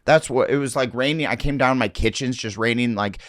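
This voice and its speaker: A comedian guest on a podcast, telling loose stories in casual chat and swearing freely. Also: male voice, medium pitch, a little fast, fairly bright tone, no room sound, clean studio sound. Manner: loose, swearing storyteller with quoted voices.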